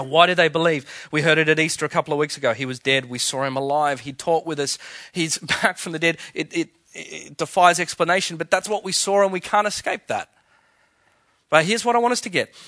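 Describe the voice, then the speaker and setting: A man's voice: high-pitched, pushed and bright, no room sound. A man preaching a sermon, emphatic and full of rhetorical questions. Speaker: pastor.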